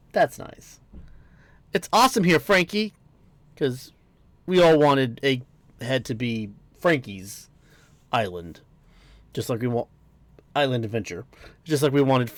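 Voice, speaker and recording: A man's voice: mid-range voice, dry recording. A young man reading a manga aloud and reacting casually, tired after work, swearing, laughing and easily sidetracked. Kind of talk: casual read-along reaction. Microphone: dry home mic.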